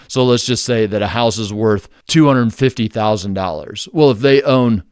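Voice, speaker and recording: A man's voice: lowish voice, normal speed, hardly any pauses, a little mellow, clear, resonant tone, dry recording, clean studio sound. A man, hosting a real estate investing channel, explaining in a blunt, conversational and emphatic way. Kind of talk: casual explainer to camera.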